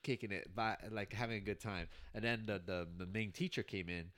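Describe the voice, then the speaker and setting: A young man with a slightly low voice hosts a relaxed podcast among friends. He tells stories with animated delivery and breaks into laughter easily. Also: fairly quick. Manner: animated storyteller, laughs often. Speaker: podcast host. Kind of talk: casual chat among friends.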